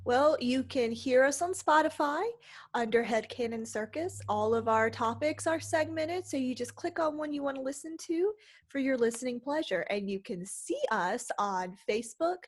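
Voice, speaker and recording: A woman's voice: high-pitched, lively intonation, normal speed. A woman co-hosting a casual podcast, bubbly and enthusiastic as she chats. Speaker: podcast co-host.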